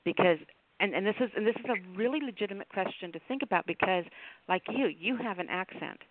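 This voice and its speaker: A man's voice: high voice, quick pace, dry recording. A man hosting a radio show, talking in a loose, rambling, chatty way. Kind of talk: casual on-air chat. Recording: tinny phone-line sound.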